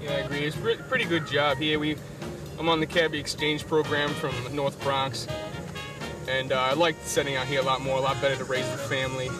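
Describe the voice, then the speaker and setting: Deadpan male sketch player, mid pitch, loud music behind. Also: brisk. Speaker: comedy sketch performer.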